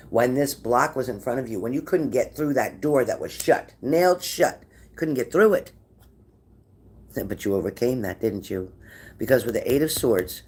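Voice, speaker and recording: A man reads tarot cards for his viewers with a steady, mid-range voice. His tone is encouraging, and he repeats key phrases so they sink in. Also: medium pitch, husky. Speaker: tarot reader.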